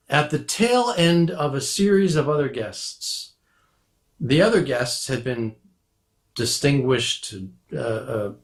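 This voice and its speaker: Measured man recalling a memory. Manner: measured, drops to a soft low voice. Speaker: disciple recalling his teacher. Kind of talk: reminiscing anecdote.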